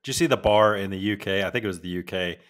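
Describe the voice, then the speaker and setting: A man's voice: deep voice, quick pace, a bit bright. A man co-hosting a podcast, telling jokey, sarcastic stories in casual chat. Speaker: podcast co-host.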